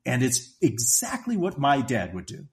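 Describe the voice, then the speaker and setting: A man co-hosting a podcast, casually retelling movie scenes in an animated way, laughing often and quoting the characters in a raised voice. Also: medium pitch, moderate pace. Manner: laughs often while talking. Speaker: podcast co-host discussing a movie.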